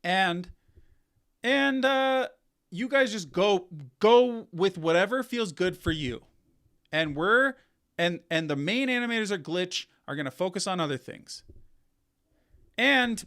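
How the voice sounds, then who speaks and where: A man, a content creator, delivering a casual, animated commentary rant. He rambles and often repeats himself. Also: high voice, takes it slowly, pauses often.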